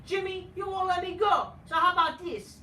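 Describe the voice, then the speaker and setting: Brash male wrestler , impression by a man, high and shouty, trash talk, echoey distant room. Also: normal speed, slight background noise, heavily acted. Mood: hyped. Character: brash hyped-up male wrestler calling out his twin. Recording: roomy, from a distance.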